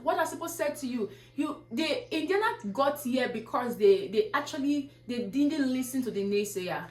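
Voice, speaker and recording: Woman vlogger w a highish voice, preachy pep talk full of "guess what", roomy echo. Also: expressive, moderate pace, few pauses. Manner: preachy, repeats rhetorical questions. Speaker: YouTuber giving motivational talk. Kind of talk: casual motivational vlog.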